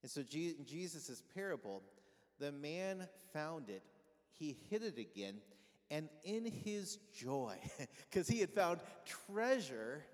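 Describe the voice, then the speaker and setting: A man's voice: a little high, big pitch swings, slow. A pastor giving a conversational sermon, asking his congregation questions and having them call back answers. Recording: long reverb of a large hall.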